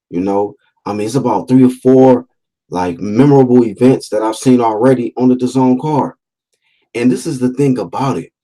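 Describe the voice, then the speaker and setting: A man's voice: mid-range voice, dark tone. A man hosting a casual boxing livestream, talking loosely with slang, repeating himself and reading out viewer comments. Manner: talkative, repeats phrases, reads out chat comments; fillers and restarts, laid-back slang.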